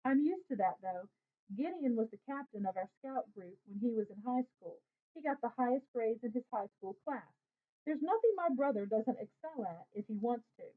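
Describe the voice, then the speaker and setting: Female narrator for a first-person story, lively young-boy telling, slightly high pitch, tinny narrow recording. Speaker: audiobook narrator. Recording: tinny phone-like audio.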